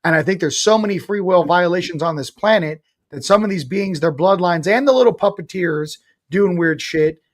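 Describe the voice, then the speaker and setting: A man's voice: high-pitched, moderate pace, hardly any pauses. A man in his forties, a guest in an interview, talking in a blunt, emphatic, sarcastic way, swearing casually. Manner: sarcastic, self-mocking. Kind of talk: casual spiritual interview talk.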